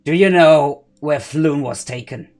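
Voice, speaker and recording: A man's voice: on the high side, a little slow, a little mellow, faint music behind. A man playing his character in a tabletop game, talking in a firm, insistent way. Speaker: player. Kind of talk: casual tabletop role-play. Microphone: headset over voice call.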